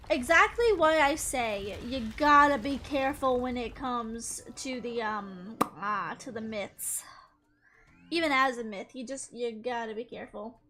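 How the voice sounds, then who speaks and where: Bright-voiced chatty young woman gamer. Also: a little high. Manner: chatty and rambling, bursts into loud squeals and laughter. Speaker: gaming streamer. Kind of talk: casual gameplay commentary. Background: game music.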